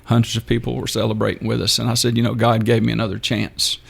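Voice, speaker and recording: An older man, a radio guest telling his story in a halting, unhurried way. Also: mid-range voice, flat delivery, creaky, breathy edge. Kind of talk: interview storytelling.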